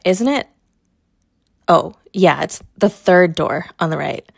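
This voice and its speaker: A young adult woman voices an audio role-play in a teasing, mocking way, laughing often. Her mid-range voice carries a gravelly fry. The sound is dry and close, with no room echo. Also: lowish voice, moderate pace. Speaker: college athlete character in an audio role-play.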